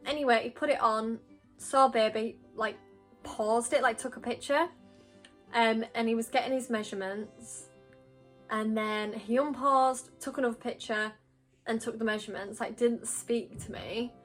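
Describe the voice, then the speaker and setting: Young woman, casual storytime vlogger, high-ish voice, chatty filler-heavy delivery. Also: fairly bright tone. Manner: chatty, frequent "like" and quoted dialogue.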